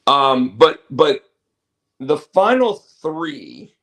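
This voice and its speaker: A man's voice: medium pitch, very animated, drawn-out words, fairly bright tone. A man hosting a show, chatting casually in a rambling, opinionated way. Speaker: show host. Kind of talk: casual wrestling chat.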